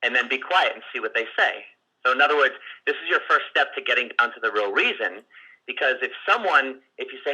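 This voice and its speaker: Bright, husky-voiced man coaching. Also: medium pitch, animated, a little fast, rough recording. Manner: conversational, many restarts and fillers; acts out client and seller lines in quotes. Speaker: sales coach. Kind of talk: teaching on a recorded group call.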